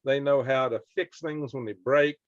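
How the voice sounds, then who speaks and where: A man's voice: medium pitch, steady tone, normal speed, no room sound. Southern guy hosting a chat, folksy and emphatic, dry dull audio. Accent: Southern American. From Southern United States. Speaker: podcast host. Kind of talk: casual conversation.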